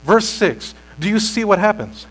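A man preaching a sermon as pastor, slow and deliberate, building to loud, emphatic peaks while sweating. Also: sits high, sing-song, rough recording.

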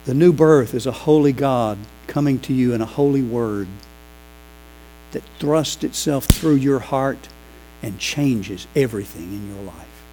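A pastor preaching a sermon, telling lively stories and acting out the people in them. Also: male voice, medium pitch, a little slow, a little hiss or hum, low-quality recording. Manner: animated, acts out quoted voices. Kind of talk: sermon with storytelling.

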